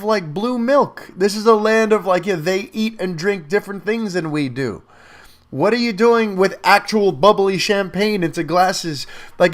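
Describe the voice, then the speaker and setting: A man giving a casual spoken film review, animated and talkative, with lots of fillers and restarts. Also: sits high.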